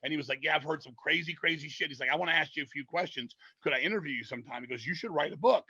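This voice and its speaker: Fast-talking, bright-voiced man telling stories. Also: a little high, slightly rough, dry recording, low-quality recording. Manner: profane, rambling, lots of swearing. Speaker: podcast guest, metal singer. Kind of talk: casual storytelling.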